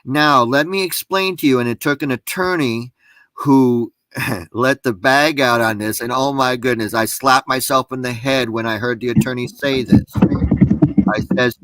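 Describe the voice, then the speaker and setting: Mężczyzna w rozmowie panelowej, który z naciskiem i jak wykładowca tłumaczy sprawy prawne, wyliczając punkty po kolei. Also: male voice, medium pitch, moderate pace, fairly bright tone, no echo. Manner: emphatic, lecturing, spells out points in lists. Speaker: panel speaker explaining law. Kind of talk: casual explanatory talk.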